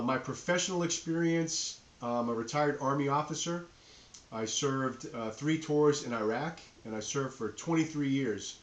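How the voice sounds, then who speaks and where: Upbeat middle-aged guy w a new england accent introducing his class, echoey room. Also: mid-range voice. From New Hampshire, US. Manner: enthusiastic, friendly, addresses students directly. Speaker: university management instructor. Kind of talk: recorded course introduction.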